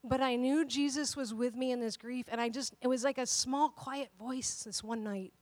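A woman's voice: high-pitched, fairly even intonation, moderate pace, a little mellow, no room sound. A woman pastor preaching a sermon, telling a personal story and building to emphatic encouragement. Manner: personal storytelling, quotes voices in dialogue, builds to emphatic exhortation.

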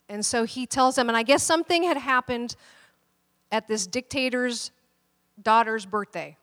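A woman's voice: on the high side, a little slow, long pauses, a bit bright. A woman pastor telling a story in a casual, chatty sermon, with plenty of fillers and restarts. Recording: long hall reverb.

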